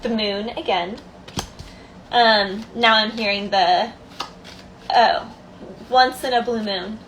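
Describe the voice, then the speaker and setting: Brief: woman tarot reader, fairly high voice, chatty and loose, thinks out loud, faint hiss underneath. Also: steady tone, slow pace, lo-fi sound. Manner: chatty, thinks aloud, laughs easily. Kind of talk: casual tarot card reading.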